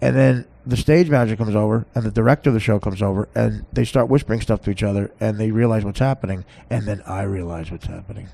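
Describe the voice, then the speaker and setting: Gravelly man telling a comic story. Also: lowish voice, fairly even intonation, fast talker, hardly any pauses, dark tone. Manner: rambling, laughs often at his own story. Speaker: podcast host.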